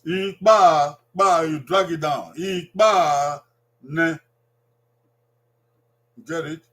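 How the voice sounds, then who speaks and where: A man with a Nigerian accent giving a language lesson, repeating each word slowly and drawing it out for learners. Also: on the high side, fairly bright tone, husky. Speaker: language teacher.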